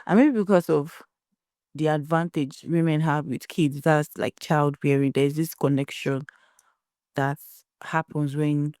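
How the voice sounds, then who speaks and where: A woman's voice: low-pitched, fairly even intonation, unhurried, a little mellow, no room sound, clean studio sound. A young Nigerian woman hosting a solo podcast, giving blunt opinions and telling stories in a conversational way. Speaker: podcast host.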